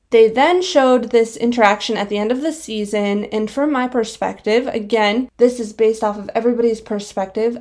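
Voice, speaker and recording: A woman's voice: mid-range voice, darkish tone. A young woman vlogger talking in a casual, reflective way and explaining things step by step, audibly out of breath. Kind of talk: casual commentary.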